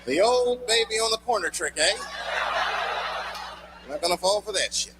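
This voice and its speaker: High, lively man doing stand-up. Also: moderate pace. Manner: loose, profane storytelling with shouted punchlines. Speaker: stand-up comedian. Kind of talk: stand-up comedy routine. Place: comedy club stage before a live audience. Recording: noisy live club recording.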